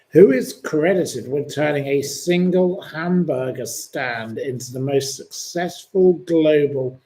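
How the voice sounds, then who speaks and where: A man's voice: medium pitch, mellow. A man hosting a live-stream quiz, chatting in a rambling, opinionated way between questions. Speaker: livestream host.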